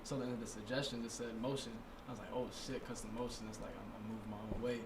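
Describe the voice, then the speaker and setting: A man's voice: mid-range voice, fairly even intonation, quick pace, background noise. A young man, a guest rapper on a podcast, telling stories in laid-back slang with lots of swearing. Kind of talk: casual chat.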